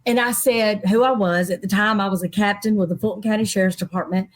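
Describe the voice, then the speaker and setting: A middle-aged woman, interviewed as a guest, tells a personal story at a quick pace in a medium-pitched voice. She's animated, acting out the voices of the people she quotes.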